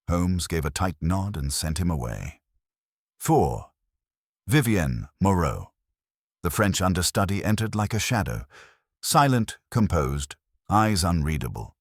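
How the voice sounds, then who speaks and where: Male storyteller, very deep and husky, dramatic scripted narration. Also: big pitch swings, measured pace, no echo, clean studio sound.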